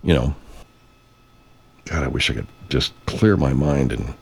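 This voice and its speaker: A man's voice: very deep voice, measured pace, creaky, a little mellow, slightly rough. A man hosting a radio show, talking in a meandering, self-interrupting way and swearing freely. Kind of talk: rambling casual monologue.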